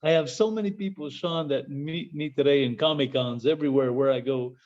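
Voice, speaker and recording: A man telling stories as an interview guest, animated, laughing often and repeating words. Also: a little high, brisk. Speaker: guest, former pro wrestler. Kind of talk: casual interview storytelling. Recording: dull lo-fi sound.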